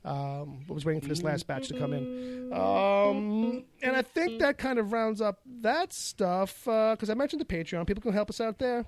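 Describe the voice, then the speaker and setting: A man's voice: high voice, normal speed, faint music behind. A man hosting a casual podcast, rambling and laughing often, repeating himself as he goes. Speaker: podcast host.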